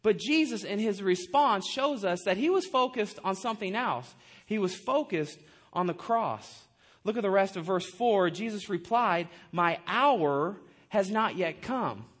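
A high-pitched man preaching in a lively, talky way, often turning to the congregation with quick asides and rhetorical questions. He has a light, raised voice for a man. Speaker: pastor. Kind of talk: sermon.

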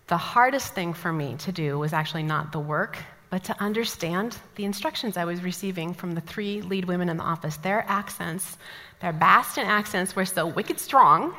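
A woman from the American Midwest teaching a Bible study, telling stories with lively asides. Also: fairly low pitch. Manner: animated storytelling, lively asides. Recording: long hall reverb.

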